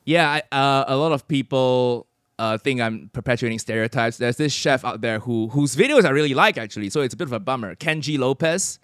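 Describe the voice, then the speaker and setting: A man's voice: medium pitch, brisk, few pauses, a bit bright, clean tone, no echo, clean studio sound. A man being interviewed as a comedian guest, chatty and self-deprecating, laughing often in casual conversation.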